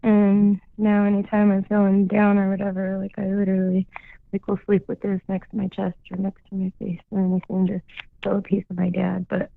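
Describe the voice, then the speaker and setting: A woman's voice: mid-range voice, completely flat delivery, brisk, vocal fry, no room sound. Woman, radio caller, casual storytelling, chatty, fillers, tinny phone line, dry sound. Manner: chatty, full of "like" and "you know".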